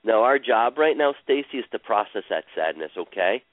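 A man guiding a caller through an emotional healing session, speaking slowly and soothingly and repeating phrases. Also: lowish voice, lively intonation, no echo. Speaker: healer guiding a caller on a radio show. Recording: dry, tinny phone-like radio sound.

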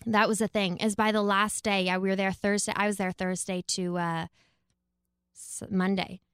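A woman co-hosting a casual podcast chat, chatty with quick agreeing interjections. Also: mid-range voice, little pitch movement, clean tone, no echo, studio quality. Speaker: podcast co-host.

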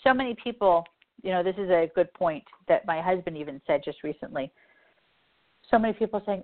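A woman's voice: on the low side, brisk. A woman radio host and spiritual advisor talking in a heartfelt, earnest way and repeating herself for emphasis. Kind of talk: emotional spiritual talk. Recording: tinny phone-like line.

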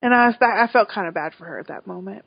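Podcast co-host, woman, expressive swoops, acts out lines; muffled dry audio. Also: mid-range voice, fast, gravelly, husky, dry recording. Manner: animated retelling, acts out characters' lines, laughs. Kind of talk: casual TV recap chat. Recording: dull lo-fi dry sound.

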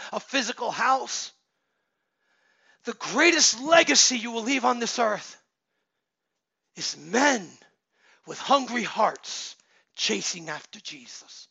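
A man in his thirties preaching a sermon as pastor, exhorting the men in his congregation and swinging from loud shouts to low murmurs. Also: creaky, no echo. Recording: dull lo-fi sound.

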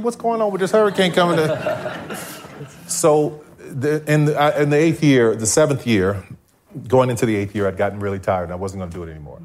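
A man giving a personal testimony as a guest before a live audience, telling his story with animated, acted-out dialogue. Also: fairly low pitch. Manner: animated, acts out his past self in dialogue. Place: stage in front of a live audience.

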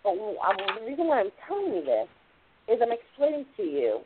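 A woman's voice: medium pitch, wildly swooping pitch, fairly quick, background noise. Woman on a tinny phone line. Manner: rambling, repeats "like" and "literally". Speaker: radio show host, spiritual channeler. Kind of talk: casual spiritual explanation.

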